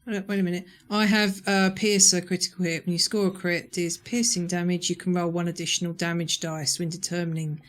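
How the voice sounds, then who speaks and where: A man's voice: sits high, little pitch movement, brisk, hardly any pauses, a bit bright. A man playing in a tabletop game, casual and describing his character's actions as he goes. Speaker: player.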